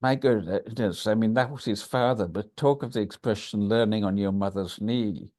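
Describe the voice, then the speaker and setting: A man from Scotland with a Scottish accent, a podcast guest telling stories in an animated way. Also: moderate pace. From Scotland, Isle of Lewis. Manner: animated storyteller, pitch leaps when excited. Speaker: guest, writer. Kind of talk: conversational storytelling.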